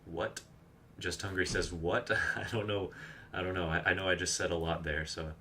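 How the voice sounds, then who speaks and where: A man's voice: sits low, fairly even intonation, moderate pace, sharp tone, slight background noise. A man streaming a game live, chatting casually, rambling off on tangents and reading viewer messages aloud. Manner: chatty, rambling, reads chat aloud and explains game tricks. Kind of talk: casual live gameplay commentary.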